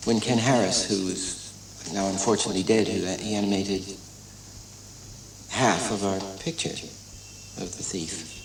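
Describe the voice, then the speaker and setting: Older man telling animation studio stories. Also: fairly low pitch. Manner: animated storytelling, acts out quotes, many restarts. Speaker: animator and director. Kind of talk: documentary interview reminiscence. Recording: echoey room, distant mic, crowd noise.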